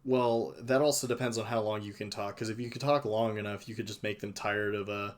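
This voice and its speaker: A man's voice: on the low side, steady tone, fairly quick. A young man hosting a casual podcast chat, hesitant and full of fillers, often restarting his sentences. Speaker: podcast host.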